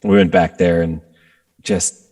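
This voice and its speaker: A man, a guest rock guitarist, telling stories in a casual interview and acting out quotes with sudden jumps in pitch. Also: a little slow. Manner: animated storyteller, acts out quotes with jumps in pitch.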